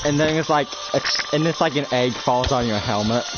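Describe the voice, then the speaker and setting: A man's voice: mid-range voice, brisk. Rambling man narrating a roleplay. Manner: rambling, full of filler. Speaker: roleplay storyteller. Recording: dull lo-fi with music behind.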